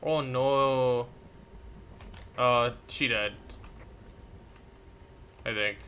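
Tipsy male streamer, bright voice. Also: mid-range voice, steady tone, extremely slow, a little hiss or hum. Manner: loose, rambling, joking with chat. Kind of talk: casual game-stream chat. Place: at home.

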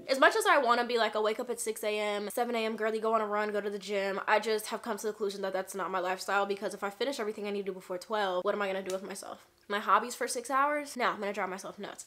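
A young woman in her twenties chatting casually to camera in a home vlog, playful and animated. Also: fairly high pitch. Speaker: content creator. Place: home rooms, indoors. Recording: echoey room.

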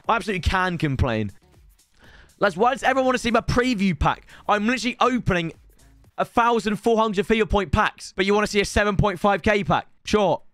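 A young man, streaming a pack opening, slightly hoarse. He talks in an excitable way, swinging between shouting and grumbling. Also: high-pitched, a little fast, no room sound, faint music behind.

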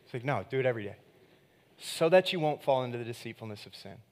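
Animated man preaching a casual sermon. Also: mid-range voice, quick pace. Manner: conversational and animated, acting out quoted voices; swings from loud emphatic bursts to quiet, hushed lines. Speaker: pastor.

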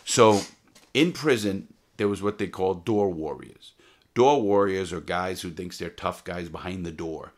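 A man's voice: low voice, unhurried. A middle-aged man telling stories casually to camera, blunt and swearing freely, often restarting his sentences. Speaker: storyteller of his own past. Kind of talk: casual profane storytelling to camera.

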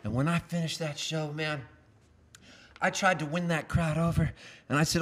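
A man's voice: fairly high pitch, steady tone, moderate pace, long pauses, a bit bright. A man, a singer-songwriter, playing guitar live, singing and telling wry, self-mocking comic stories. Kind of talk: live song and comic storytelling.

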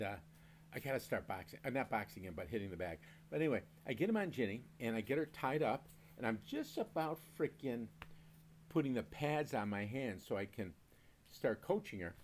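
A man's voice: medium pitch, very animated, moderate pace, slight background noise. Rambling older man telling stories. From Maine. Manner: rambling storyteller, swears mildly, laughs often. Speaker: beer review host. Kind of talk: casual rambling monologue.

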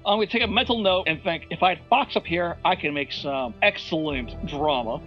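A man playing a tabletop game, chatty and quick to laugh. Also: a little high, dull audio, faint music behind. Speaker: player. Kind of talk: casual tabletop game play.

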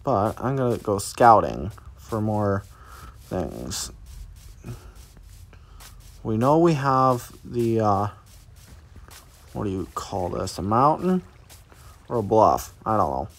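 A man's voice: fairly low pitch, very animated, takes it slowly, long pauses. A man giving live commentary as he plays a survival game, chatting to viewers and reacting aloud as things happen. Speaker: let's play gamer.

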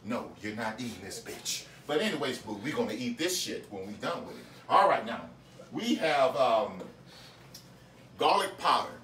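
A man hosting a comedic home cooking show, cursing and excitable, laughing as he goes. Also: medium pitch, normal speed, a little hiss or hum. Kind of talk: profane comedic cooking demo. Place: home kitchen. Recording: echoey room miked from a distance.

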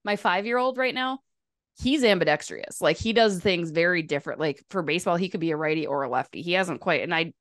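A woman's voice: on the low side, fast talker, no echo, studio quality. A woman, co-hosting a casual hockey podcast and talking things through with lots of fillers. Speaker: podcast co-host.

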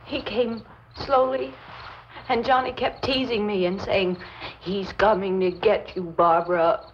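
An actress playing a young woman in shock over her lost brother, recalling the attack in a halting way and breaking into sobbing pleas, in 1960s horror film acting. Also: mid-range voice, steady tone, lightly acted. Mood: dazed. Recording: dull, hissy old film soundtrack.

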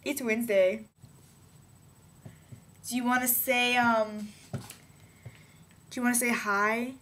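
Bubbly girl vlogging, giggly and rambly, bright kinda high voice. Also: little pitch movement, measured pace, slight background noise. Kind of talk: casual video diary chat.

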